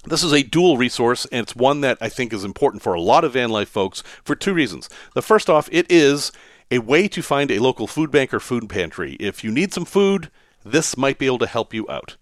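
A man's voice: medium pitch, very animated, a little fast, no room sound, studio quality. A man, telling personal stories as a podcast host in a casual monologue and chuckling often. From Massachusetts, USA.

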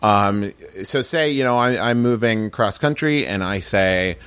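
A man with a fairly low voice explains a sponsor casually on a comedy podcast. He restarts his sentences and lets the pitch ramble without any polish. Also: a little slow, a bit bright, clean tone. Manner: explains things loosely, with restarts. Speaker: podcast co-host.

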